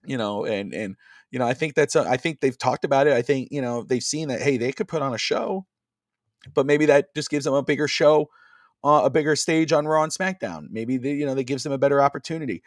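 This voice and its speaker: A man's voice: mid-range voice, brisk, no echo, clean studio sound. A man co-hosting a casual wrestling podcast over a video call, rambling with many fillers and restarts. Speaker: podcast co-host.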